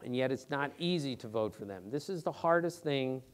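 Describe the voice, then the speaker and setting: A middle-aged man, a sports reporter, answering audience questions on a theater stage in an animated, earnest way, with emphatic rhetorical questions. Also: medium pitch, normal speed. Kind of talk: live Q&A talk.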